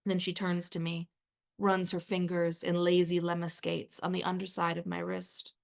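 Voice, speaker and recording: A woman reads her own literary fiction aloud at a live event in a low, gravelly voice. She keeps her delivery measured and flat, hardly lifting or dropping her pitch, and slips in the odd dry aside. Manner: measured, even first-person reading with a dry aside. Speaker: author reading her own work.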